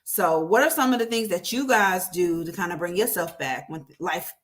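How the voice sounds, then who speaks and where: A woman's voice: on the low side, moderate pace. A woman hosting a casual solo podcast, chatty and talking straight to her listeners with frequent laughs. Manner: chatty, laughs often, addresses listeners directly. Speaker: podcast host.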